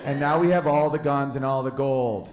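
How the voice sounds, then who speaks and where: A man's voice: mid-range voice, steady tone, normal speed, a little mellow. A man doing a stand-up set on a club stage, brash, mocking and profane. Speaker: stand-up comedian. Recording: roomy club echo.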